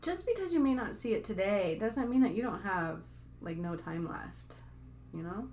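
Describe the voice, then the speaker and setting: A woman with a medium-pitched, animated, slightly mellow voice talks at a moderate pace, with a little hiss or hum in the background. Speaking to camera as a spiritual healer, she chats casually with her viewers, rambling along with frequent fillers and asides to them.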